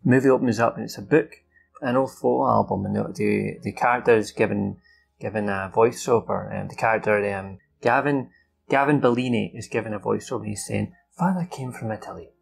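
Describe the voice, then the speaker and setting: A man's voice: on the low side, steady tone, brisk, gravelly, faint music behind. A man recalling a film from memory in a loose, rambling way, with many fillers, restarts and some swearing. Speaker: film recap host. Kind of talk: casual off-the-cuff recap.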